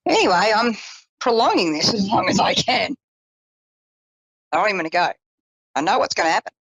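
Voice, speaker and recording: A woman psychic telling a personal story in an animated, casual way, with self-deprecating asides, acting out the voices she quotes. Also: medium pitch, fairly quick, breathy edge, dry recording, poor audio. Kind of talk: storytelling on a call-in psychic show.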